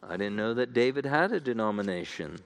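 A man's voice: lowish voice, expressive, brisk. A man voicing a friendly older German woman with a put-on German accent, eager and earnest, in a church hall with long reverb.

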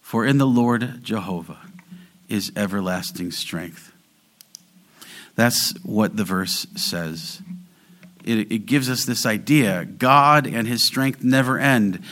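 A man preaching a sermon in an earnest way, slowing down and rising in volume to stress key phrases. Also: mid-range voice, fairly bright tone. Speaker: pastor.

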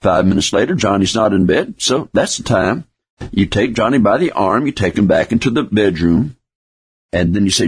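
A man's voice: lowish voice, expressive, normal speed, slightly rough. A man preaching a sermon in a folksy manner, acting out everyday parent and child dialogue to make his points. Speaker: pastor.

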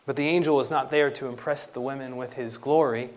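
A man preaching an expository sermon, emphatic, slowing down and rising in pitch on key phrases. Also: steady tone. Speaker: pastor.

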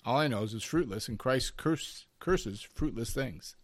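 A man's voice: mid-range voice, animated, measured pace. A man preaching a Bible lesson, emphatic, with rising and falling intensity and strings of rhetorical questions, addressing his listeners as beloved. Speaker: Bible teacher.

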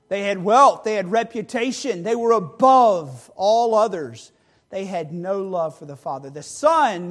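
During a sermon, a preacher brings a parable's characters to life with theatrical voices, making big leaps in pitch and volume.

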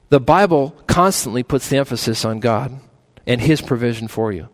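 A man preaching a sermon, building to loud, emphatic peaks, then dropping low, repeating lists and restarting words mid-phrase.

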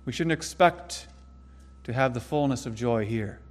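A man preaching a sermon, earnest and emphatic, slowing down to stress key phrases. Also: mid-range voice, big-room sound. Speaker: pastor.

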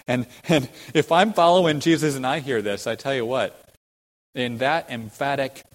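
Preaching an expository sermon in a large hall, a man speaks with slow, deliberate phrasing broken by sudden emphatic stresses on key words, and he poses rhetorical questions. His medium-pitched voice has lively intonation, though the audio is poor.

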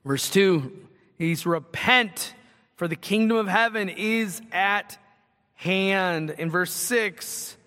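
A man's voice: high-pitched, slow pace, fairly bright tone. A man preaching a sermon, earnest and conversational, asking the congregation direct questions. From Northwest Ohio. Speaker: pastor. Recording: long hall reverb.

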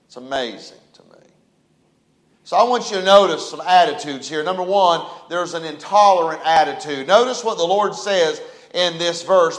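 A man's voice: sits high, expressive, moderate pace. Emphatic preacher man, echoey room. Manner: emphatic, preaching with Bible verses and a short prayer. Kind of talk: sermon.

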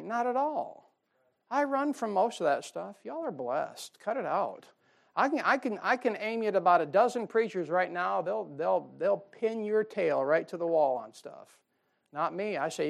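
A man's voice: high voice, animated, normal speed, vocal fry. A middle-aged man preaching a sermon as pastor, in a folksy, conversational way with chuckles and asides.

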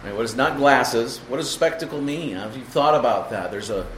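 Male preacher, mid pitch, emphatic teaching sermon, roomy echo with a faint hum behind. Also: moderate pace, a bit bright. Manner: expository, asks rhetorical questions, emphatic. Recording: echoey room with faint ambience.

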